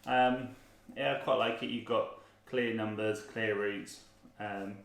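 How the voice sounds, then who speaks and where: A British man in his thirties co-hosting a board game review, talking casually with frequent pauses and fillers. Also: lowish voice, fairly even intonation. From Britain. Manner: chatty, hesitant, lots of ums. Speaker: board game channel co-host. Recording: roomy sound, mic at a distance.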